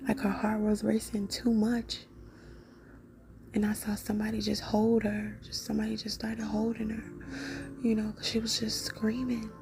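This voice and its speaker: A woman telling a dream in a soft, unvoiced whisper with many fillers, as a whispered vlog. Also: mid-range voice, completely flat delivery, moderate pace, creaky, over music. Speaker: vlogger.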